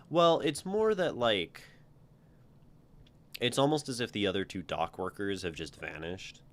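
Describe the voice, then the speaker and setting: A man's voice: deep voice, sing-song, slow pace. A man hosting a livestream, reading viewers' writing aloud and critiquing it in a rambling way full of ums and restarts.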